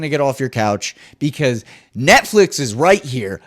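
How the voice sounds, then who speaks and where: A young man riffs through a comedy podcast rant, his pitch leaping up and dropping low as he goes. He swears freely and swings from loud outbursts to mumbled asides. His voice sits at an ordinary middle pitch. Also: a little slow. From New Jersey. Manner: animated, swearing, swings between loud bursts and muttered asides. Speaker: podcast host.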